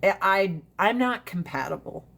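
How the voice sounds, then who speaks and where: A woman's voice: mid-range voice, expressive, moderate pace, creaky, a bit bright. Blunt, swearing woman livestreaming. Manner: blunt, profane, rambling. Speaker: livestream host. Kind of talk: casual livestream chat.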